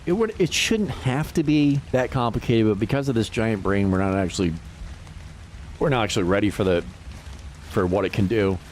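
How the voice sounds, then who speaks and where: A man's voice: on the low side, moderate pace, a little hiss or hum. A man in his fifties chatting casually as a livestreamer, swearing freely and laughing often. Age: 50s. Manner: animated, profane, laughs often. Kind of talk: casual chat.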